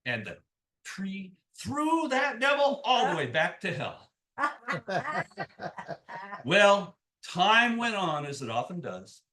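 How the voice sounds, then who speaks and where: A man telling a folk tale at a live story swap, in an animated, folksy way with chuckles. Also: high-pitched, slow pace, long pauses.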